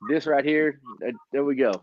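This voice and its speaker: A middle-aged man giving a casual motivational talk as a trainer, energetic and laughing often, with many restarts. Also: fairly high pitch, normal speed, phone-quality sound. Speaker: trainer co-hosting a live training session.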